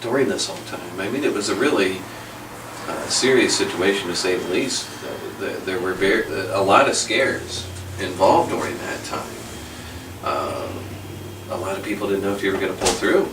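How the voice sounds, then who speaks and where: A man hosting an interview who asks questions in a measured way, with some fillers. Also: low-pitched, animated. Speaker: interviewer, host. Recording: echoey room, distant mic, noisy.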